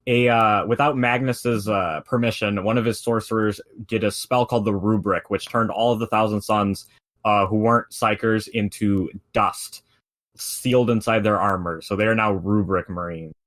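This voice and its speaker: A man's voice: fairly low pitch, fairly even intonation, normal speed, a bit bright, dry recording. A man in casual chat, explaining lore in a laid-back way with many fillers.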